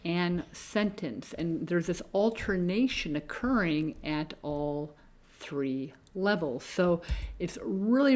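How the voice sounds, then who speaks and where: A woman coach talks through a pronunciation lesson at an unhurried, deliberate pace. Her voice sits fairly low for a woman, and she often pauses to check in with a quick "okay?". She sounds middle-aged. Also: a little mellow. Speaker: speech coach. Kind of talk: instructional video lesson.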